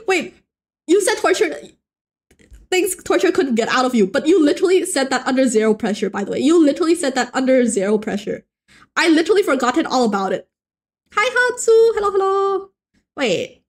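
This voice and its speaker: A young woman hosting a casual art stream, bantering with her viewers in a playful, animated way. Her voice sits high and swings widely in pitch. She often stumbles and restarts mid-sentence as she talks and draws. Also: fairly quick. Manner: playful and animated, joking with chat, frequent restarts. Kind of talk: casual live-stream chat while drawing.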